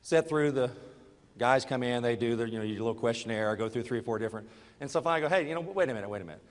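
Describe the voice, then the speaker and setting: A middle-aged man giving a motivational talk to a live audience, telling a personal story and moving between quiet confession and loud urging. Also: mid-range voice, very fast, big-room sound. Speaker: network marketing speaker.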